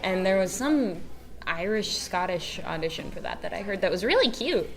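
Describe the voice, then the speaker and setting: A woman's voice: medium pitch, animated, moderate pace, slight background noise. A woman voice actress on a convention panel, bubbly and enthusiastic as she chats. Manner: bubbly, enthusiastic fan talk. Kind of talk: casual convention panel chat. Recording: convention room with a clear crowd.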